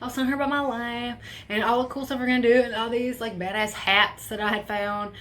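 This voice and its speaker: A woman's voice: fairly high pitch, steady tone, fast talker, a bit bright. A young woman telling a personal story on a vlog, casual and profane, with emotion in her voice. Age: young adult. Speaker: vlogger.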